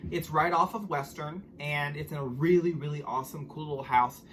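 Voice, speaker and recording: A chatty middle-aged man with a drawl talks to his vlog viewers, wandering from point to point with ums and asides. His voice sits a little high for a man, and there is a faint hum behind him. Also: fairly even intonation, fairly quick, a bit bright. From Oklahoma, USA. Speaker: estate liquidator and reseller. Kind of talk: casual vlog talk to camera.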